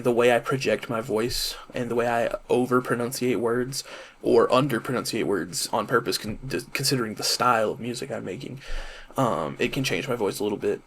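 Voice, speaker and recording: A man in his twenties from the American South, rambling to camera in a casual monologue, full of fillers and restarts, high while he talks. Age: 20s. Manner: rambling and self-correcting, many fillers and restarts. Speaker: vlogger and rapper.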